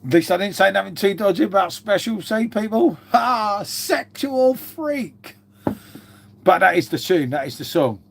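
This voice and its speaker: A man's voice: high voice, fairly quick, vocal fry, few pauses, slight background noise. A middle-aged man chatting casually on a live stream, rambling and swearing, calling everyone mate, unwell with a cough. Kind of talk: casual live-stream chat reading viewer comments.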